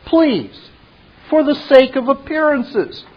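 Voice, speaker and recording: A man's voice: very high-pitched, big pitch swings, takes it slowly, lo-fi sound, voice pushed up, full character voice. A man voicing a self-assured, pompous, sophisticated male program, with grand and theatrical delivery. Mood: grandiose.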